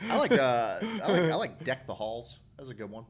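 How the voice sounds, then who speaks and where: Man, casual co-host chat, rambling, profane, lots of restarts, mid-pitched voice. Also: very animated, a little fast, husky. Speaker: podcast co-host.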